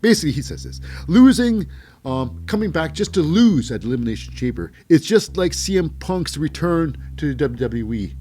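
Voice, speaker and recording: A man's voice: on the high side, sing-song, normal speed, warm tone, slight background noise. A man hosting a wrestling recap show, talking casually and cynically, rambling with hesitant fillers and mocking the wrestlers in put-on voices.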